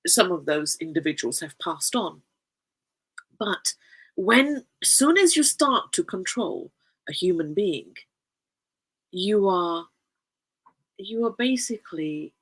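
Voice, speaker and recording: A woman's voice: fairly low pitch, lively intonation, slow, long pauses, husky, low-quality recording. A woman telling stories in a casual, effusive way, often breaking into giggles and repeating phrases for emphasis. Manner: warm, effusive, emphatic repetition. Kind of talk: casual anecdotal storytelling.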